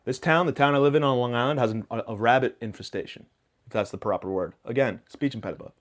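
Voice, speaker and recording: A man's voice: medium pitch, quick pace, slight background noise. Rambling man doing a comic monologue. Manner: self-mocking, absurd tangents, deadpan hot takes. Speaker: podcast host.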